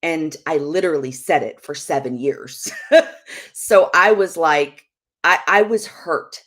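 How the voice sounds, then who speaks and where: At a Christian ministry, a woman tells her own marriage story live, her deep voice a little slow and fairly bright in tone. The delivery is conversational and open, dotted with "like" and "you know."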